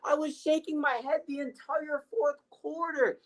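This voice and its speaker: A man's voice: very high-pitched, little pitch movement, unhurried, low-quality recording. A man co-hosting a sports podcast, ranting with heavy profanity and frustration. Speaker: podcast co-host. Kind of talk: heated sports rant.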